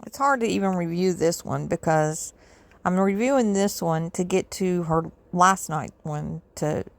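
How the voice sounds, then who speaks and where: A reviewer with a gravelly, creaky voice delivers sarcastic commentary. The tone stays blunt and exasperated, broken by tired sighs. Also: medium pitch, measured pace.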